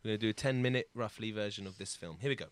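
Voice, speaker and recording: A man's voice: fairly low pitch, racing, no echo. A man hosting an improv comedy podcast, brash and playful in his banter. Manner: brash, playful, puts on silly voices. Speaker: podcast host.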